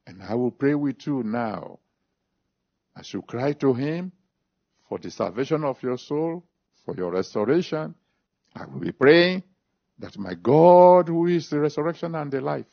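A man's voice: medium pitch, expressive, normal speed, vocal fry. A man preaching a sermon, stressing and repeating scripture references, then leading an altar call and prayer. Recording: dull lo-fi recording.

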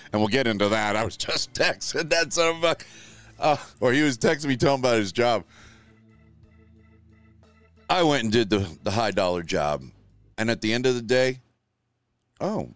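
A man's voice: lowish voice, no room sound. A middle-aged man hosting a show from a spare room at home, talking in a blunt, rambling, profane way. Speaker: show host. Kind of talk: casual livestream talk.

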